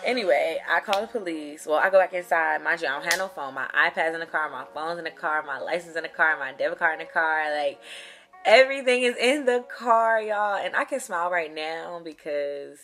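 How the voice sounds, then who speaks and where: A young woman, telling a story to camera in a casual vlog, animated and profane, swinging between loud outrage and muttered asides. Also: low voice. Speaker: vlogger.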